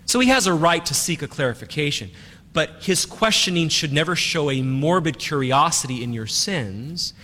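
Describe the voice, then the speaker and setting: A man's voice: fairly high pitch, expressive, moderate pace, bright, forceful tone, big-room sound. A man preaching as a priest, who talks emphatically and repeats his key phrases. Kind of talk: sermon.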